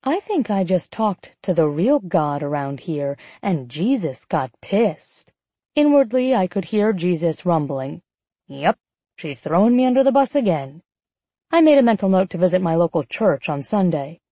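A woman narrating a first-person romance audiobook in an expressive, sardonic inner voice, also voicing the heroine's lines. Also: lowish voice, normal speed, no room sound.

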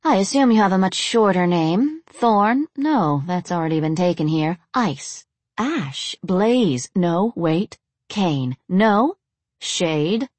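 A woman's voice: on the low side, animated, slow pace, darkish tone, no room sound. A woman voicing a blunt, disdainful undead woman who mocks her guests in a storybook reading. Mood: sardonic. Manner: mocking, blunt.

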